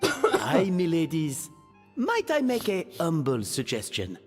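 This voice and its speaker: An actor with a French accent playing a courtly, polished restaurant owner in a video game, speaking in an elaborate, formal way. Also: male voice, on the high side, huge pitch swings, slow, faint music behind, heavily acted. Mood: gracious.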